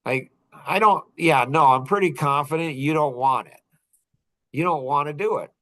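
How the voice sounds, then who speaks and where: A man's voice: on the high side, moderate pace, fairly bright tone. A man in his fifties hosting a podcast, telling rambling stories in casual chat and chuckling often. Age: 50s. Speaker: podcast host.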